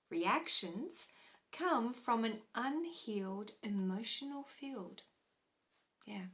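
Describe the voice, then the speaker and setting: A woman giving a live spiritual teaching talk in a slow, gentle, soothing way, sighing softly and repeating key phrases for emphasis. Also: mid-range voice, lively intonation.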